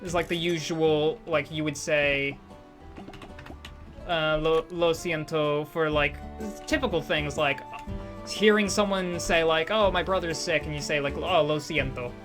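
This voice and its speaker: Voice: mid-range voice, steady tone, a little slow, over music. Rambling casual streamer. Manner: rambling, self-deprecating, many restarts. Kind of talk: casual live-stream chat while gaming.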